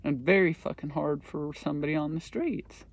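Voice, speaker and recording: Gravelly, profane man rambling casually. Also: a little high, normal speed, slight background noise. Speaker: podcast host. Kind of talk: casual monologue.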